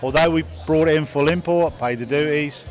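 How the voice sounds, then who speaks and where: A man's voice: on the high side, fairly quick, faint music behind. A man talking casually about his business in an interview, telling anecdotes. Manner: chatty, anecdotal. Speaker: business owner interviewed at an event.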